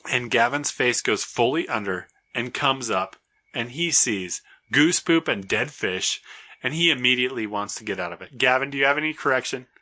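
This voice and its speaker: Male podcast host, bright edgy tone, narrates with lots of laughter. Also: mid-range voice, animated, moderate pace. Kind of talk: casual podcast storytelling.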